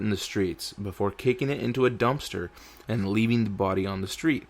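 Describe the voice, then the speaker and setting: A man co-hosting a podcast in casual chat, crude and animated, swearing a lot and tripping over his words. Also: lowish voice, fairly quick. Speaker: podcast co-host.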